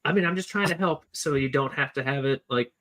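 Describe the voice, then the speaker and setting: A man with a bright, forward tone, talking at a medium pitch. He rambles casually on a podcast, full of fillers and offhand swearing. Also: fast talker, low-quality recording. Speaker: podcast co-host. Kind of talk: casual chat.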